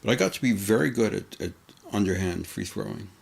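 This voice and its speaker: A man's voice: on the low side, brisk, gravelly, darkish tone. A man, a sociologist, speaking as a guest in a hesitant, stammering way.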